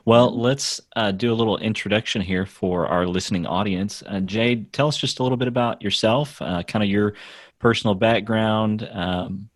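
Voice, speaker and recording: Male podcast host, deep voice, dry close sound, jokey, laughs a lot. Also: normal speed, dry recording. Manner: joking, laughs easily. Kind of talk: casual chat.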